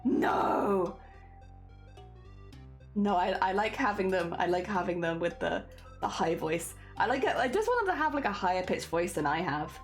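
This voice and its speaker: A chatty woman streamer with an animated pitch rigs a vtuber model live, talking herself through each step and greeting viewers. She speaks at a moderate pace, coughs and sounds a little congested, with faint music behind her.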